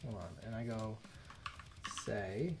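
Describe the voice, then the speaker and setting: Over faint background music, a man hosts a coding livestream and thinks aloud, chatty and self-interrupting, often cutting off mid-sentence and exclaiming when something works. His voice is fairly low and slightly mellow, with a little hiss or hum in the recording.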